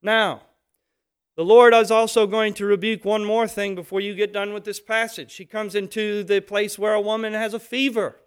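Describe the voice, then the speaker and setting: A man preaching a sermon, emphatic and animated, acting out little scenes as he teaches. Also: sits high, normal speed, clear, resonant tone.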